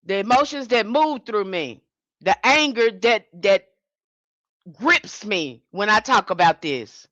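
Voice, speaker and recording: Fiery, forceful woman preaching. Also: medium pitch, animated, slow, dry recording, muffled recording. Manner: fiery, confrontational, repetitive. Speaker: spiritual teacher. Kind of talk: impassioned livestream sermon.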